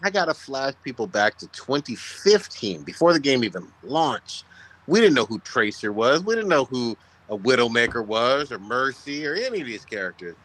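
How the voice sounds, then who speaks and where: A man's voice: mid-range voice, very animated, moderate pace, fairly bright tone, rough recording. Crude, emphatic man telling a story. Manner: crude, emphatic storyteller, draws out words for effect. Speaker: podcast co-host. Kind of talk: casual gaming podcast chat.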